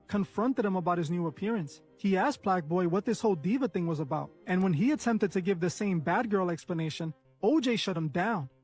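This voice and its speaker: A man's voice: high-pitched, a little mellow, breathy edge. A man narrating a scripted commentary recap of online drama.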